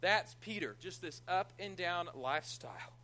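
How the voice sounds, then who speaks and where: A male pastor with a high-pitched voice preaches a conversational sermon at normal speed, retelling scripture with animated energy and self-deprecating humor. The recording is of low quality.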